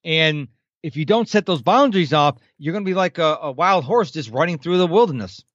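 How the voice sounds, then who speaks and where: A man's voice: a little high, animated, a little fast, fairly bright tone, dry recording, highs cut off. A man in his fifties, a podcast guest, talking animatedly in a casual interview and acting out the people he quotes. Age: 50s.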